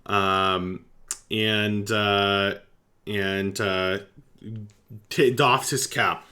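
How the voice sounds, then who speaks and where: Male game master, low voice, slow narration with plenty of fillers. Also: fairly even intonation, sharp tone, clean tone.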